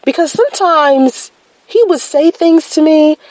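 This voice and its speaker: A woman telling a personal story in a casual, slangy way, jumping up high when she acts out her own shocked reactions. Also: measured pace, dry recording, poor audio. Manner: animated, slangy storytelling with sudden high-pitched exclamations.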